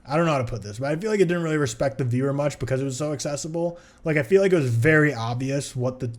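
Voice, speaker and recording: A man's voice: a little high, very fast. A man co-hosting a podcast, giving a casual film review in a rambling way with many filler words. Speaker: podcast co-host.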